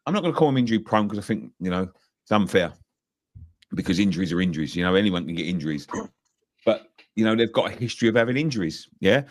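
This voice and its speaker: Lower-voiced man, emphatic football talk. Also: animated, quick pace, no echo, studio quality. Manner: emphatic, repeats himself for stress. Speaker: fan channel co-host. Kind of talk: casual football opinion chat.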